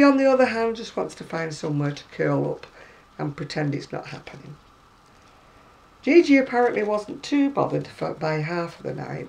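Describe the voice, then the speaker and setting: British woman crochet vlogger, gravelly mid-pitched voice, rambling and wry, faint hum behind. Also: a little mellow, rough recording. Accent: British English. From Britain. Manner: chatty, rambling, wry asides. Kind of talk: casual chat showing magazines. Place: at home.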